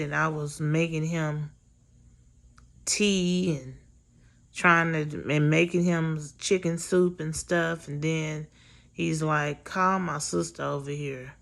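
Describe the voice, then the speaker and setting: Slow, gravelly woman telling a blunt story. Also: low-pitched, fairly bright tone. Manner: candid, blunt, profane storytelling. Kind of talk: casual storytime vlog.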